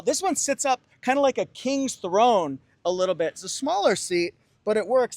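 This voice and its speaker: On a car dealership lot and inside the car, a man with a very high voice gives an upbeat walkaround review, pointing out features between playful asides and joking song quotes. The recording is dry.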